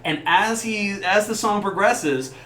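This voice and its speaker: A man's voice: high voice, a little slow, sharp tone, roomy sound, slight background noise. A man co-hosting a casual podcast, talking enthusiastically and rambling between points. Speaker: podcast co-host. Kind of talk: casual chat.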